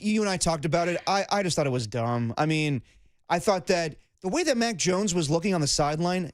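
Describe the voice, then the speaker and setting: A man co-hosting a sports radio show, talking in a casual, animated way and slipping into mocking impressions. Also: a little high, dry recording, clean studio sound.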